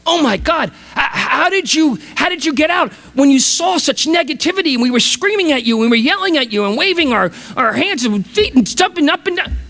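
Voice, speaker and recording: A man voicing a group of panicked frogs in a told fable, shouting frantically. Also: very high voice, expressive, fairly quick, big-room sound, full character voice. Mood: astonished.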